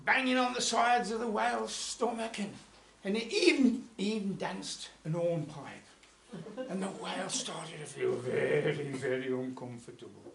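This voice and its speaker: Guy spinning a yarn at a folk club, chatty asides, high voice, echoey room. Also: vocal fry, fairly bright tone. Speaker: storyteller. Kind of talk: live folk club storytelling.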